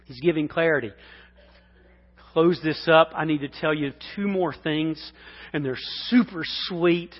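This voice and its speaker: A man's voice: on the high side, a little slow. Impassioned preacher man in a reverberant hall. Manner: swings from hushed near-whispers to loud impassioned shouting. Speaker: pastor. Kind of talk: sermon. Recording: dull sound in a long-reverb hall.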